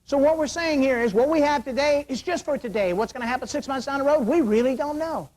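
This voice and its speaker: A man's voice: extremely high pitch, quick pace, a little mellow, low-quality recording. A middle-aged man giving a security briefing to an auditorium, joking and asking rhetorical questions, his voice wearing thin. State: losing his voice. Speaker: security awareness speaker. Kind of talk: lecture to an auditorium.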